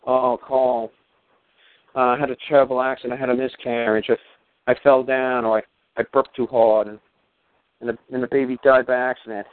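A falsely sweet, sing-song woman, as a man mocks her in a raised voice, heard over a thin, phone-like line. Her voice sits well above his usual low register, and the tone is syrupy and mocking. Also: little pitch movement, fairly quick, pauses often, dry recording, close to an everyday voice. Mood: falsely innocent. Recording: tinny phone-like sound.

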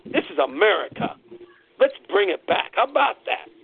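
A man's voice: very high voice, expressive, moderate pace, vocal fry, husky, dry recording. A man hosting an internet radio show, delivering a fired-up, profane political rant in angry bursts. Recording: tinny phone-line audio, dry.

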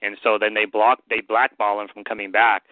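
A man's voice: lowish voice, fairly quick, a little hiss or hum. A man co-hosting a podcast, rambling with swearing in casual chat. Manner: rambling, profane, animated. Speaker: podcast co-host. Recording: dry, tinny phone-like line.

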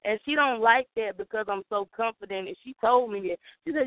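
A woman's voice: a little high, quick pace, few pauses, dry recording. A young woman from the Southern US with a Southern accent, calling in to give an emphatic, preacher-style testimony. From Southern United States. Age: young adult. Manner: emphatic, preacherly, talks straight to listeners. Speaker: caller. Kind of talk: spoken testimony on a call-in show. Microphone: phone call. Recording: tinny phone line, dry.

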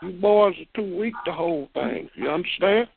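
A man's voice: sits high, animated, moderate pace, creaky. A man with an East Texas accent, a chat line caller arguing emphatically and lecturing, often repeating himself. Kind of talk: heated phone argument. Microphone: telephone. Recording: tinny phone line with static.

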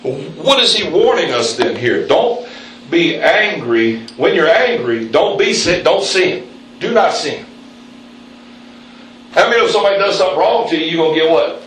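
Echoey preacher, animated. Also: male voice, moderate pace, slight background noise. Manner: call-and-response preaching, rising pitch for emphasis. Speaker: pastor. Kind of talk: sermon. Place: church sanctuary. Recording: very echoey room, mic at a distance.

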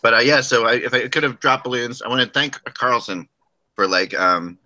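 A man's voice: medium pitch, moderate pace, sharp tone, low-quality recording. A man hosting a casual hockey podcast, rambling and joking with frequent restarts. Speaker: podcast host.

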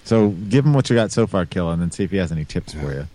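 A man with a low voice co-hosts a casual podcast chat. He teases the others and keeps steering the talk. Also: expressive, quick pace, dark tone. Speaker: podcast co-host.

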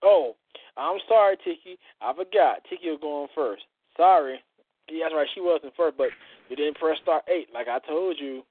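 A man hosts a call-in internet radio show, joking, bawdy, and laughing often. His voice sits on the high side at normal speed, and the phone-line audio carries a faint hiss.

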